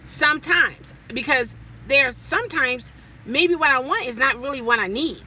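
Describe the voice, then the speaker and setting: A woman talking casually in a parked car, telling stories in an animated, chatty way with plenty of fillers. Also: high-pitched, normal speed, slight background noise. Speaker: rideshare driver and vlogger. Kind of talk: casual chat.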